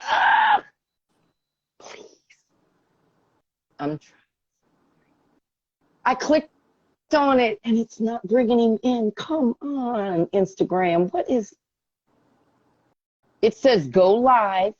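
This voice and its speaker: Woman on a live stream, slow and flustered, muffled dry phone audio. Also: fairly high pitch, darkish tone, no echo. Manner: frustrated, talking to herself while fixing tech. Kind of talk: casual live stream chat.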